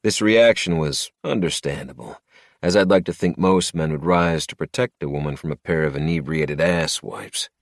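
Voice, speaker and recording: A man narrating a first-person romantic suspense audiobook in a low, measured delivery. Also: no room sound, studio quality.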